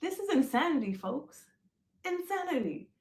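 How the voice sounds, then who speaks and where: A woman telling a personal story on a podcast, animated, calling her listeners folks and acting out the things people said. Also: mid-range voice, normal speed. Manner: animated, addresses listeners as folks, acts out quoted lines. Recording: roomy echo.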